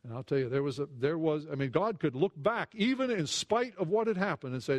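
A man preaching a sermon in an earnest way, repeating words as he goes, rising when he retells a story and dropping low for asides. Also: animated, brisk, hardly any pauses.

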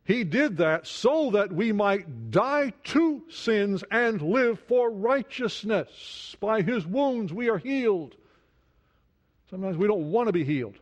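A man preaching a sermon, asking his listeners many questions and dropping from loud emphasis to a hushed, quiet voice. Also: sits high, expressive, slow. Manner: dynamic preaching, swings from loud emphasis to hushed near-whisper. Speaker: pastor.

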